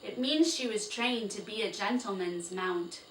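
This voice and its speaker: A woman voicing a calm, sensible teenage boy who speaks matter-of-factly. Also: mid-range voice, a little slow, natural voice. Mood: steady. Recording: roomy, distant, faint hiss.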